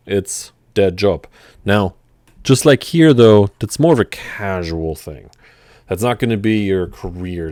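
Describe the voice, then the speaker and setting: Low-voiced guy teaching german words, chatty and loose, dry close sound. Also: dry recording. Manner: relaxed, chatty, with fillers and restarts. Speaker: language teacher. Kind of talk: casual vocabulary lesson.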